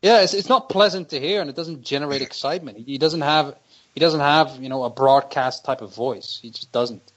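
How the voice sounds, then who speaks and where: A man chatting emphatically and excitably about boxing on a podcast, swearing freely. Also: fairly high pitch, a little fast, rough recording. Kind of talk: casual boxing chat.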